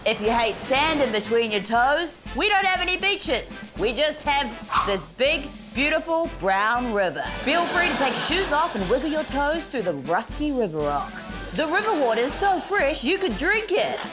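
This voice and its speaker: A woman with a New Zealand accent, a comedian delivering a brash parody tourism recruitment pitch. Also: big pitch swings, normal speed, hardly any pauses, over music. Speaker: comedian contestant.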